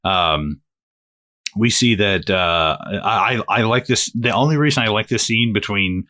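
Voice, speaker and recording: A man co-hosting a casual movie podcast, animated and swearing freely as he acts out lines from the film. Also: fairly low pitch, unhurried. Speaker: podcast co-host.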